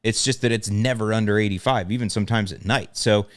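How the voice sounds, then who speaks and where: A man's voice: on the low side, steady tone, fast, no room sound, studio quality. A man hosting a podcast, answering questions in a plainspoken way and repeating his points for emphasis. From American South. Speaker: podcast host answering lawn care questions. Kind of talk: casual podcast talk.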